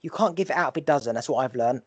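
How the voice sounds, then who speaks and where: A male podcast host talking in an animated way, giving life advice in casual conversation and swearing freely. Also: mid-range voice, fast talker, husky, dry recording.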